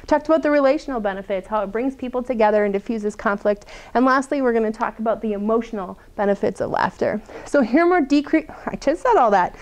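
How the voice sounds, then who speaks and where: Woman, 30s, workshop presenter, chatty and lively, fairly high voice, laughs a lot. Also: fast, few pauses. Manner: chatty, animated, laughs often. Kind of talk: lunch-and-learn talk to a small group.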